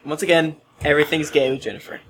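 Guy cohosting a podcast, bright sharp voice, teasing, faint hiss behind. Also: fairly high pitch, steady tone. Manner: teasing, quick to laugh. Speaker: podcast co-host. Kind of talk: casual chat.

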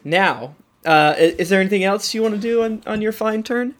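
A man's voice: sits high, fairly quick. Hesitant man running a tabletop game. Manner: hesitant, many fillers, voices side characters. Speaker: game master.

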